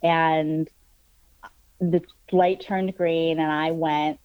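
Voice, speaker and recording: A woman telling a story in casual chat, animated and full of fillers, swearing freely. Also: low-pitched, very slow, clean tone, no room sound, highs cut off. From New York. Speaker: guest storyteller.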